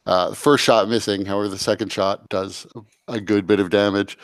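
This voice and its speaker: A man's voice: fairly low pitch, steady tone, brisk, dry recording. A man narrating as game master in a tabletop game, calling for rolls and describing the fight, with frequent "uh" fillers.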